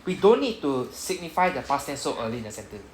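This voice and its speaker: A man's voice: mid-range voice, big pitch swings, fast. Singaporean man teaching, echoey room. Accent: Singaporean English. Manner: says "right?" after nearly every sentence, coaching students. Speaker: Japanese language teacher. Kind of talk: classroom lesson explaining grammar. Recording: echoey classroom with background noise.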